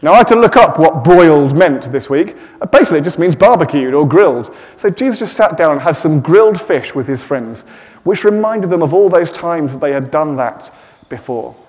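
Preacher in an echoey church hall. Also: male voice, on the high side, expressive, a little fast. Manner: warm, self-deprecating humour. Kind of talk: sermon.

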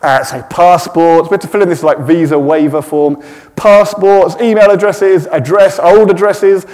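Preacher in an echoey church hall. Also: male voice, high voice, fairly even intonation, moderate pace. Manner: warm, self-deprecating humour. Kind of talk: sermon.

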